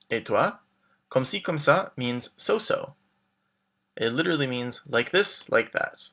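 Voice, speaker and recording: A man teaching a beginner language lesson, modeling phrases slowly and clearly, then glossing them and prompting the learner to answer. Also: mid-range voice, animated, sharp tone. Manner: clear, slow modeled pronunciation with English glosses. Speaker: French teacher.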